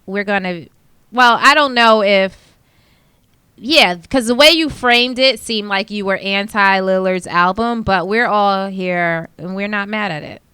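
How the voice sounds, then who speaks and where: Bright, crisp woman hosting a sports podcast. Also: medium pitch, no echo, studio quality. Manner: upbeat, laughs easily, quick reactions. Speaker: podcast host. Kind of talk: casual chat.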